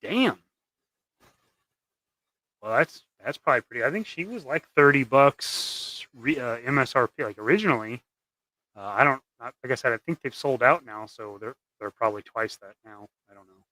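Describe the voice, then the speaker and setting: A man's voice: medium pitch, expressive, moderate pace, pushed and bright, no echo. A man hosting a casual livestream while he paints custom action figures, rambling and trailing off into mumbles.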